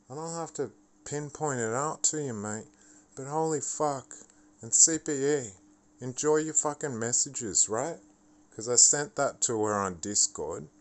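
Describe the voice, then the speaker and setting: A tired man talking straight to the camera in a blunt, profane and exasperated ranting monologue. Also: mid-range voice. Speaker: vlogger.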